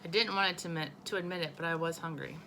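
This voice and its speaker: Bright-voiced woman reading a storybook aloud. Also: lowish voice, very fast, a little hiss or hum, low-quality recording. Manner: expressive, with small slips she corrects. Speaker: teacher. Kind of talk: reading a children's novel aloud.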